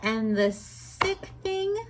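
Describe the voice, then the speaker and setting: A young woman chatting casually in a book review vlog, retelling scenes with animated, exasperated commentary. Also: fairly high pitch, drawn-out words, music in the background. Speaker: book vlogger.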